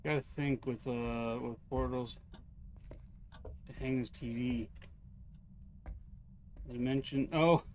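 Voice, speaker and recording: A man's voice: mid-range voice, steady tone, takes it slowly, long pauses, a little mellow, a little hiss or hum. A middle-aged man streaming a ghost-hunting game live, chatting casually and playfully calling out to the ghost over and over. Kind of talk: casual live gameplay chat.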